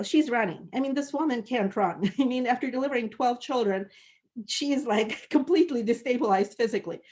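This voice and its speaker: A woman leading an online book discussion, talking with lively enthusiasm, laughing often and filling pauses with "like" and "um". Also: sits high. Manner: lively and animated, laughing often, many fillers. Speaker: discussion leader.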